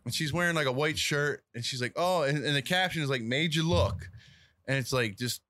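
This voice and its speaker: A man's voice: medium pitch, fast, pushed and bright, no room sound. A man in a casual podcast chat, chiming in with short, joking remarks. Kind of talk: casual banter.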